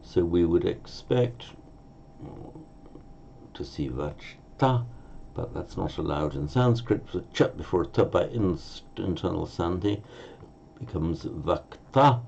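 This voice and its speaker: A very low-pitched man with a gravelly voice, teaching a language step by step and correcting himself as he thinks aloud. His tone is dark and mellow. The recording sounds a bit dull and lo-fi, with a faint hiss underneath. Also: lively intonation, slow. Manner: thinking aloud, self-correcting, with many fillers. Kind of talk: language lesson.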